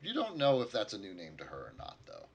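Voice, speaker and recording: A man's voice: lowish voice, huge pitch swings, quick pace, gravelly, slightly rough. A man narrating as game master, rambling with many fillers.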